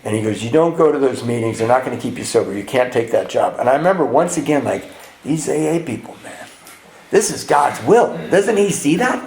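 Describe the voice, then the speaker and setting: A man's voice: medium pitch, lively intonation, fairly quick, creaky, darkish tone. A man from California giving a personal recovery talk at a retreat, telling stories and acting out the dialogue, laughing at himself as he goes. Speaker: retreat speaker sharing his recovery story. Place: retreat meeting room. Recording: roomy echo.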